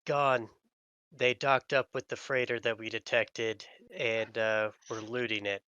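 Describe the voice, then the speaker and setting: A man playing a male fighter pilot in a sci-fi tabletop game, speaking in a flat, matter-of-fact way. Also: medium pitch, a little slow, clean tone, no room sound, lo-fi sound. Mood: terse.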